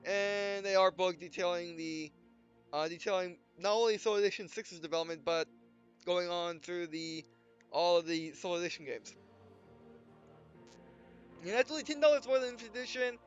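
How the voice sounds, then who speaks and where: A young man hosting a let's play, out of breath and rambling with halting restarts as he talks through a game. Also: high voice, clean tone. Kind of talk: casual gameplay commentary. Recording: dull lo-fi mic with faint game music.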